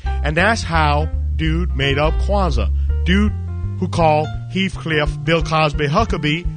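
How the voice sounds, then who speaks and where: A man's voice: fairly high pitch, measured pace, over music, close to an everyday voice. A man doing a comic impression of a rambling Santa figure who talks about himself in the third person with broken grammar. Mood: jolly rambling. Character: rambling man in Santa hat, self-referring, jolly. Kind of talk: comedy sketch bit.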